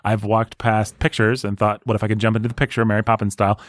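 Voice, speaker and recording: A man's voice: fairly low pitch, level tone, fast, no echo, studio quality. Playful man hosting a podcast. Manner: playful, teasing. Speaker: podcast host. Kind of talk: casual podcast chat.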